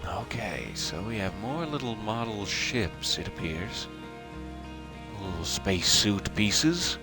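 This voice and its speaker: Low-voiced man musing over a game. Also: very animated, takes it slowly, music in the background. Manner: whimsical, musing, chatty. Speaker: game streamer. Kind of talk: let's play commentary.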